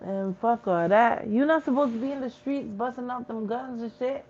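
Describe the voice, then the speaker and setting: A woman's voice, a little high and a little mellow, moves along at normal speed over dull audio. She's a spiritual reader in a vlog, speaking bluntly and preaching with heavy swearing and slang from the street.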